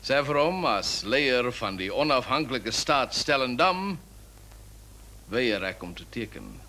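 An actor playing a grandiose small-town leader turned dictator, barking orders. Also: male voice, mid-range voice, sing-song, measured pace, bright, forceful tone, exaggerated voice. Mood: commanding.

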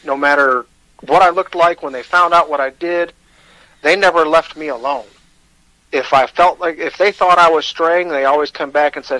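A man's voice: a little high, measured pace, bright, forceful tone, dry recording, low-quality recording. A man with a Michigan accent, telling his personal story as a radio guest, candid and self-deprecating, with hesitant restarts.

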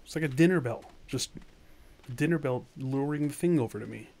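A man hosting a let's play gaming video, casually chatting and scolding the game out loud, swinging between shouts and mutters. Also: mid-range voice, fairly quick. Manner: animated, yelling at the game, then muttering. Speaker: gaming channel host.

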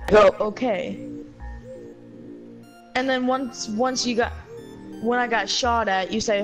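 A woman's voice: a little high, a little slow, pauses often. A woman chatting casually while playing a video game, rambling about matches and other players. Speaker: gamer. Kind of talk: casual chat while gaming. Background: game music.

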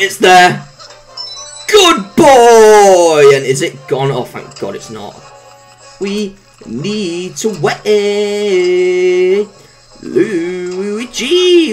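A woman talks her way through a video game, coaxing her character and humming along. Her speech is slow but leaps up and down in pitch, from low murmurs to high squeals. Soft game music plays faintly behind her. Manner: excitable, coaxing the character, hums and yelps. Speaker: gameplay commentator. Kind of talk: let's-play commentary.

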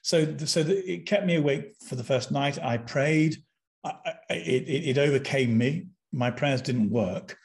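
An older man from Britain, a podcast guest, telling a personal story with animated intensity and frequent restarts. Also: mid-range voice, moderate pace.

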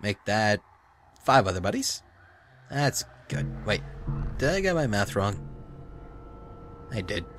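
A man giving let's-play commentary, taunting enemies with mock politeness and swinging between hushed whispers and loud yells. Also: on the low side, sing-song, slow pace, pauses often, faint music behind. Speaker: gaming commentator.

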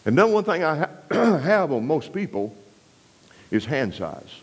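A man from West Texas, preaching a revival sermon in a folksy storytelling way, dropping low and quiet for emphasis and pressing harder on scripture. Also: sing-song, measured pace, a little hiss or hum, poor audio.

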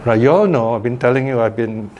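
A man's voice: mid-range voice, fast, a little mellow, dull audio, a little hiss or hum. Older man giving a chatty Dhamma class. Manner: chatty, checks in with listeners by asking "okay?" and "right?". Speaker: Buddhist meditation teacher. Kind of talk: informal Dhamma class talk.

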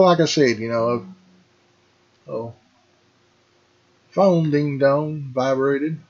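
A man's voice: medium pitch, slow, long pauses, slightly rough, dull audio. A middle-aged man hosting a gaming channel, talking in a rambling, folksy way and calling his viewers folks. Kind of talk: casual farming game commentary.

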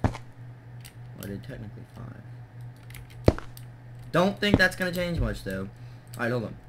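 Keyboard clicks and heavy background noise accompany a young gaming channel host who talks as he builds. His medium-pitched voice is very animated but keeps a measured pace. Easily sidetracked, he chuckles at his mistakes and counts blocks aloud.

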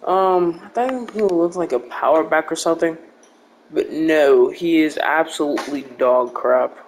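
Young man, casual gameplay commentary, unhurried delivery, joking, blunt, rambling. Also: fairly high pitch, a little hiss or hum. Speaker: gaming video creator.

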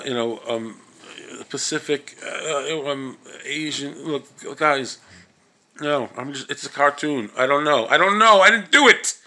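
A man's voice: medium pitch, fairly bright tone. A man ranting casually and comically on his vlog, rambling and swearing with lots of restarts and filler words. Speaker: vlog host. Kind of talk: comedic rant.

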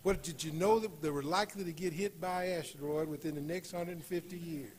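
A man preaching a sermon in a church, slowing on key phrases and rising to loud, emphatic peaks. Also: a little high, steady tone. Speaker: guest preacher. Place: church sanctuary.

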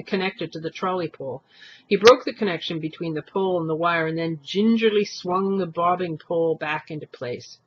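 Husky male storybook reader. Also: a little high, lo-fi sound. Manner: expressive reading, voicing thoughts and characters. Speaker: audiobook reader. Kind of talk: storybook narration.

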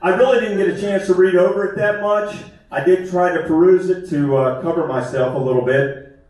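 A man's voice: high-pitched, steady tone, a little fast, a little mellow. Echoey man doing stand-up. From West Virginia. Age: 50s. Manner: folksy, self-deprecating, conversational. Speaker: stand-up comedian. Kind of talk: stand-up comedy set. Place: small theater stage. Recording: echoey theater, mic far off. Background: audience laughter.

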